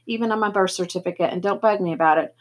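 A woman's voice: medium pitch, very fast, natural voice. A woman voicing a shaken teenage boy. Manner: weak, shaken, a little tough. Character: scared, hoarse teenage boy narrator. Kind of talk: reading a novel aloud.

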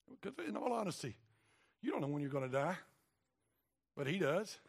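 A man preaching a sermon, his voice pitched fairly high. He moves from quiet asides to emphatic, rising questions as he speaks in God's voice. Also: a little fast, vocal fry, long pauses. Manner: animated, paraphrasing God in rising, emphatic bursts.

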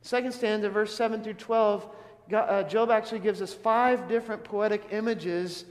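High-voiced male preacher, earnest. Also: steady tone, moderate pace, big-room sound. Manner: earnest, asks the listeners many questions. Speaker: pastor. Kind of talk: sermon.

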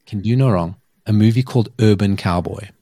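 Guy hosting a podcast, lowish voice, dry sound, rambling and laughing as he tells it. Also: brisk, dark tone, no room sound. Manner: chatty storyteller, laughs often. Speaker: podcast host. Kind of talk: casual chat.

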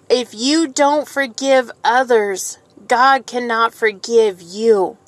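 A woman delivers an informal, heartfelt sermon with a fairly high voice. She sounds earnest and emotional and repeats phrases for emphasis. The recording is dry and close, with no room sound. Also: slow, no echo. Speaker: Christian speaker giving a devotional message.

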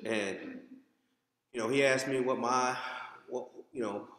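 A man from the United States preaching a sermon, lively and conversational, with asides to the congregation. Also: medium pitch, slow pace. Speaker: pastor. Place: church sanctuary. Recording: echoey hall.

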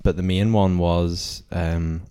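A man's voice: deep voice, level tone, slow pace, dark tone, smooth. A young man telling a story in casual chat, rambling with many filler words.

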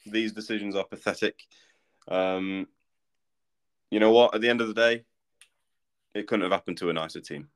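A man's voice: fairly low pitch, steady tone, moderate pace, pauses often. A man co-hosting a football podcast, telling match stories in a teasing, laid-back way. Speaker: podcast co-host. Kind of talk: casual football chat.

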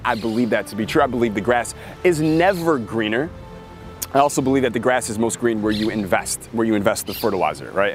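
A man's voice: mid-range voice, darkish tone. A man hosting a podcast, giving an emphatic motivational marketing talk and acting out characters as he tells stories. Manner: emphatic storytelling, acts out characters. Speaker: podcast host.

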